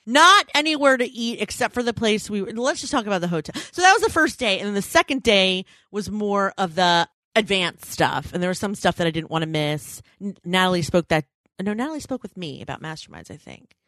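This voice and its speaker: A woman in her thirties co-hosting a podcast, telling a rambling story in casual chat, full of "like" fillers and quick self-corrections. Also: medium pitch, expressive, sharp tone, no echo. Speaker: podcast co-host.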